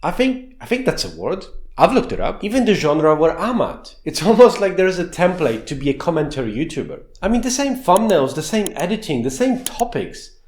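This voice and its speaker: Sarcastic man with a lively, high voice. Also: fairly quick, few pauses. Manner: sarcastic, mocking, with rhetorical questions. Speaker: commentary YouTuber. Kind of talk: sarcastic commentary monologue. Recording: echoey room with background music.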